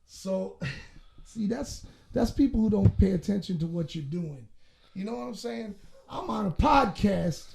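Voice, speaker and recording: A man's voice: sits high, expressive, measured pace, vocal fry, a little mellow, slight background noise. A man co-hosting a casual podcast, blunt and profane, telling stories with lots of animation. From Southwest Detroit. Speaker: podcast co-host.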